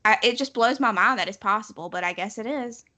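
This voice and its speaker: A woman's voice: a little high, quick pace, sharp tone. A woman co-hosting a podcast, chatting casually with lots of fillers and giggles. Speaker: podcast co-host.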